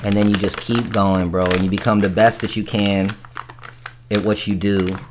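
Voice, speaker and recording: A young man from Florida with a somewhat low voice tells long stories in loose, slangy talk. He swears freely and acts out other people's lines as he goes. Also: level tone, moderate pace, noisy background. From Hollywood, Florida. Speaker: musician and actor. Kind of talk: casual storytelling on a livestream.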